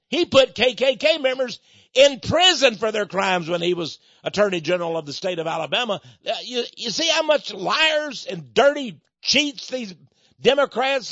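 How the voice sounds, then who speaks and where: A man's voice: high voice, a bit bright, no echo, highs cut off. Angry ranting male radio host. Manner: angry, emphatic, sarcastic, rises and drops sharply.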